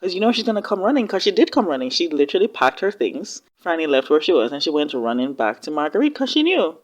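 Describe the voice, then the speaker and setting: A woman giving casual reaction commentary on a TV drama, expressive and slangy, talking back at the screen. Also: low-pitched, quick pace. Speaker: reaction video host.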